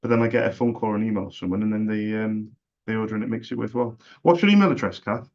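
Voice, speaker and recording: A man's voice: on the low side, rapid-fire, highs cut off. A man making a friendly cold sales call, chatty and jokey, making fun of himself. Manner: chatty, jokey and self-deprecating.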